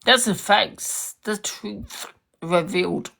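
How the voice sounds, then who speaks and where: Gravelly woman ranting heatedly. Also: medium pitch, slow pace, fairly bright tone. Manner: heated, confrontational, repeats herself. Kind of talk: heated social media rant.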